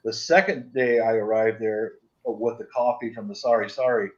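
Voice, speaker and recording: A man's voice: on the low side, fairly even intonation, normal speed, darkish tone. A man chatting casually on a livestream, telling stories in a stop-start, rambling way. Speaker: livestream guest. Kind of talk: casual chat. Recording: dull lo-fi audio.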